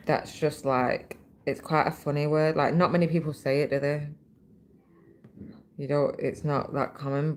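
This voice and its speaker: A woman's voice: rumbling low, darkish tone. A tired woman hosting a live stream, chatting casually and rambling while she stitches, her voice turning scratchy. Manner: chatty, rambling, many fillers. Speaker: livestream host.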